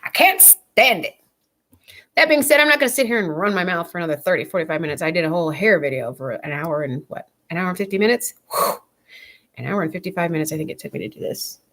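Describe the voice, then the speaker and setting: A woman's voice: lowish voice, fast, a bit bright. A young woman chatting casually to camera on her vlog, blunt, profane and rambling. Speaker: vlogger.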